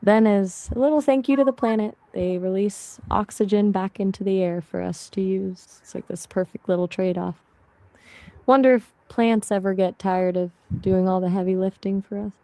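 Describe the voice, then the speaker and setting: A woman's voice: medium pitch, moderate pace, mellow, no echo. A woman's voice as an AI voice assistant, chatting casually and friendly, answering questions and asking questions back.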